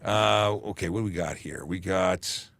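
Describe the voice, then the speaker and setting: The voice sits low, with vocal fry and a fairly bright tone, at a moderate pace in a recording without room sound. It belongs to a Canadian police constable hosting a casual livestream Q&A, chatty and jokey as he reads chat aloud with many fillers.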